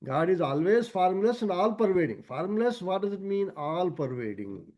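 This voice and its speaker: A man lecturing on scripture as a spiritual teacher. He pauses and restarts as he explains, and he stresses key words by raising his pitch. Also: sing-song, a little mellow.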